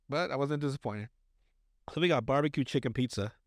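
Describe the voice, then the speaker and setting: A man's voice: medium pitch, expressive, normal speed, dry recording, studio quality. Crude joking man reading recipes. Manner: stumbling, joking, crude, laughs often. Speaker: podcast co-host. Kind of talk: casual chat, reading recipes aloud.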